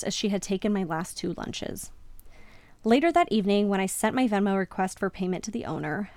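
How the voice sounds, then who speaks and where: A woman podcast host reads a listener's story aloud on a podcast microphone, then reacts to it with lively, emphatic comments. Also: medium pitch, no room sound.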